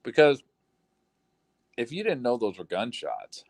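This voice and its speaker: A man's voice: mid-range voice, huge pitch swings, a little slow, vocal fry, dry recording. A man hosting a podcast, talking casually and incredulously over interview audio, cursing often and thinking aloud with fillers. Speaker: podcast host.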